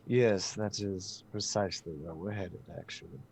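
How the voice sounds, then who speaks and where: A man's voice: sits low, normal speed, creaky, darkish tone, a little hiss or hum. A man voicing a courteous, overly formal adventurer who speaks in a polite, elaborate way. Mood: courtly.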